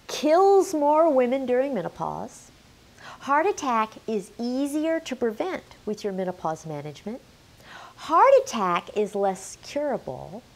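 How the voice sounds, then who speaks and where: A middle-aged woman teaching a health lesson straight to camera, emphatic and quizzing the viewer. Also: a little high. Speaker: menopause health educator.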